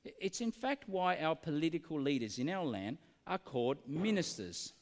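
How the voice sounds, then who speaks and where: A man preaching a sermon, earnest and full of rhetorical questions, slowing down to stress key words. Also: fairly high pitch, big pitch swings, in a large hall.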